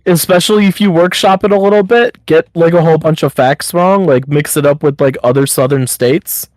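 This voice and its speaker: A man with a slightly raised pitch chats on a casual podcast. He speaks bluntly, swears casually and keeps pressing his friend with pep-talk advice. The sound is close and dry. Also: fairly quick, a little mellow, no echo, rough recording. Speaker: podcast co-host.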